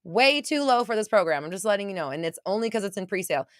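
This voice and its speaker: A young woman hosting a mindset livestream, gushing and excitable as she chats to viewers and swears casually. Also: mid-range voice, fast talker, dry recording, studio quality.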